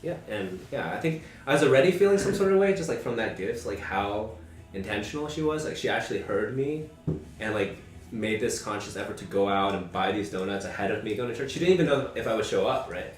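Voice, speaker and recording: Young man, low voice, rambling story with many "like" fillers, roomy echo. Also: expressive, fast talker. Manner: rambling, heavy use of "like" fillers. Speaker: podcast host. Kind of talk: casual group conversation, personal storytelling.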